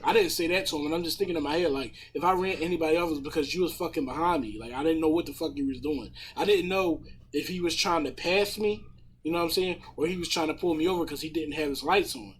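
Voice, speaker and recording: A man in casual podcast chat, retelling a story in a profane, animated way with a husky voice. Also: a little high, slight background noise. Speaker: podcast panelist.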